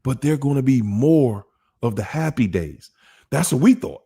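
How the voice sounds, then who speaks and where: A man's voice: medium pitch, animated, normal speed, gravelly, dark tone, husky. A man, hosting a casual monologue about relationships in an emphatic, repetitive, preachy way. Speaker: host.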